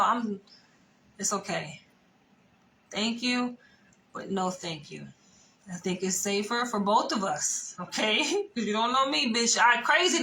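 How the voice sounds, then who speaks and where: A young adult woman vlogger telling a dating story in a casual, animated monologue full of profanity. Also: a little high, gravelly, slight background noise, low-quality recording.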